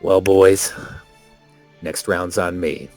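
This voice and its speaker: A man's voice: low voice, flat delivery, slow, darkish tone, faint music behind. A man voicing a cheerful, carefree male mercenary who talks in a jovial way.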